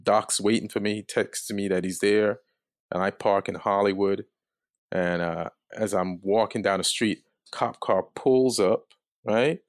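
Low calm dude telling a story, kinda monotone, dry sound. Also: male voice, dry recording. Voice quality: calm, flat delivery. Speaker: comedian guest. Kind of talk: casual storytelling.

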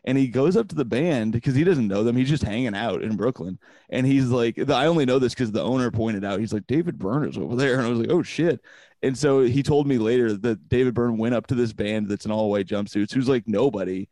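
A man's voice: medium pitch, brisk, mellow, dry recording. A young male comedian telling stories in a loose, profane way, laughing often and acting out quotes. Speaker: comedian, podcast guest. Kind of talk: casual storytelling chat.

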